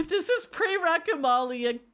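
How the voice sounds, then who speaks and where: A woman streaming casually, reacting to her old clips in an animated, self-mocking way. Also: extremely high pitch, measured pace. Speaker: VTuber streamer.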